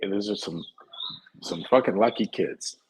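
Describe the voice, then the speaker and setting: A man's voice: lowish voice, normal speed, a little hiss or hum, poor audio. A man chatting as a podcast guest, blunt and plainspoken with frequent profanity. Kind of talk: casual chat.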